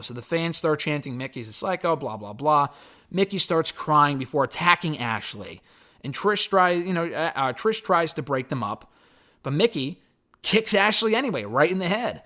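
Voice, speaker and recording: Lively chatty man with a raised pitch. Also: normal speed. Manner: loose and chatty, fond of "blah, blah, blah" and casual swearing. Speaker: wrestling show reviewer. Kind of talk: casual spoken recap and review.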